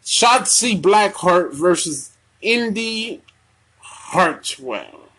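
A young man hosting a casual wrestling recap podcast, talking in a halting way with many ums and restarts. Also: high-pitched, animated, pushed and bright, slightly rough. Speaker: podcast host.

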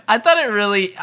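A woman with a bright, forward voice recapping television episodes in loose, casual chat. She gets excited, laughs easily and fills her talk with "um" and "like.". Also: medium pitch. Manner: excited, quick to laugh, many fillers. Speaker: podcast co-host.

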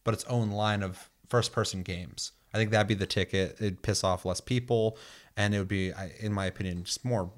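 Animated swearing man ranting casually. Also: on the low side, normal speed. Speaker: podcast host. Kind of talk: casual chat.

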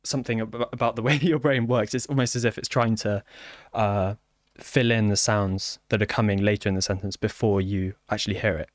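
Low-voiced man, halting casual chat. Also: fairly even intonation, no echo, studio quality. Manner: halting, full of fillers and restarts. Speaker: software developer. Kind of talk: casual conversation.

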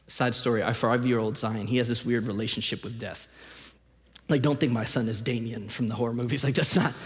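A man preaching a sermon as a pastor, moving between quiet scripture reading and loud, animated emphasis. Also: medium pitch, a little fast. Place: church auditorium. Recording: long reverb of a large hall.

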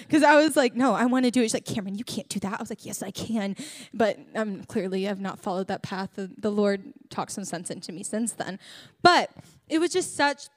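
A young woman giving a humorous, chatty sermon testimony as a church speaker, joking and talking straight to the congregation. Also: on the high side.

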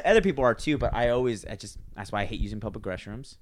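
Fast-talking young man in a dry room. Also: medium pitch, very animated, no echo. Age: 20s. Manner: rambling, restarts, acts out quoted voices. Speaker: podcast co-host. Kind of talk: casual chat.

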